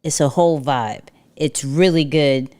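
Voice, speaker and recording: A young woman co-host talks in a bubbly, chatty way on a live show. Her voice sits fairly low and sounds smooth and resonant. She tells stories with quick asides. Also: darkish tone. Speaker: podcast co-host. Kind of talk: casual live show chat.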